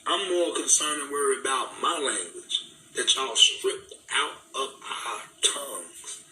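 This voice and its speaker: Fervent man preaching, bright and roomy. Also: mid-range voice, slow. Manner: fervent, repetitive, rhetorical, casual vernacular. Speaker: speaker. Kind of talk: impassioned preaching talk. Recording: echoey room, distant mic, faint music.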